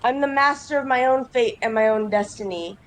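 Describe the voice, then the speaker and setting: A woman's voice: a little high, brisk, voice pushed up, natural voice. A woman voicing a weary, proud adventurer in a tabletop game, speaking in a clipped, defensive, tired way.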